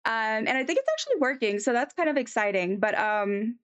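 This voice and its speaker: A woman's voice: fairly high pitch, expressive, fairly quick, a bit bright, clean tone. A woman chatting casually on a live stream as she draws, rambling with many ums and answering chat.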